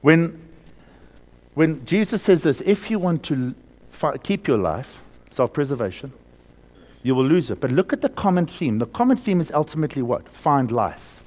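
Male preacher, slightly high, very animated pitch, sermon delivery with loud and hushed swings and call-and-repeat. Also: normal speed. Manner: asks the congregation questions and has them repeat words.

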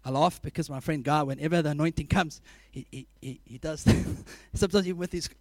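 High-voiced preacher. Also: male voice, fast, dry recording. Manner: animated storyteller, laughs often, acts out scenes. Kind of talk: sermon.

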